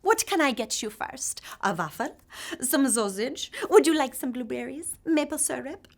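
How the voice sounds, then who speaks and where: A mom playing a chipper waffle cafe hostess. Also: female voice, sits high, lively intonation, normal speed, voice pushed up. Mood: cheerful. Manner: bubbly, over-welcoming, in a made-up accent. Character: chipper woman running a pretend waffle cafe.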